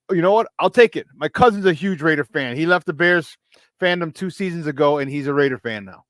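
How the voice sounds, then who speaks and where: Brief: male sports talk show host, high-energy and laughing, dry close sound. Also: animated, fast talker, dry recording. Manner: hyped, shouting out chat viewers with frequent laughs.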